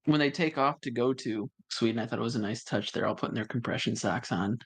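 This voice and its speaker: A young man with a husky voice chats easily on a podcast. He keeps his remarks short and relaxed, often just agreeing with the others. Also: mid-range voice, fast talker. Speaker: podcast co-host. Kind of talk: casual TV recap chat.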